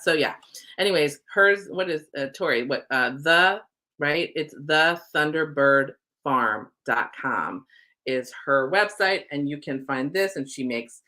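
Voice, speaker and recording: Bright-voiced, chatty middle-aged woman. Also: low-pitched. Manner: chatty, rambling, affectionate; says "y'all" often. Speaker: spiritual life coach. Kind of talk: casual chat to camera.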